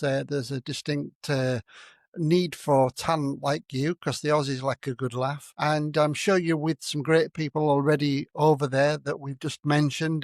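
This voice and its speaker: A British man hosts a casual interview in a halting way, restarting his sentences. His voice sits a little higher than most men's. The recording is close and dry. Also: no echo. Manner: halting, repeats words often. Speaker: show host.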